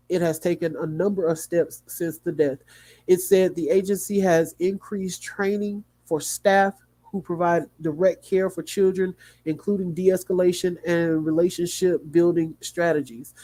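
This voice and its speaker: Man, livestream host, sleepy, yawning, reads news aloud, slightly high voice, mellow tone, small slips. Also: steady tone, unhurried.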